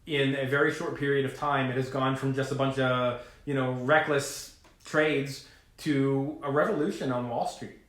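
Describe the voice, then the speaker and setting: A man vlogging to camera about trading, talking in a rambling, animated way full of fillers and asides. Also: medium pitch, moderate pace, echoey room. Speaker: finance vlogger. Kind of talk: casual talking-to-camera rant.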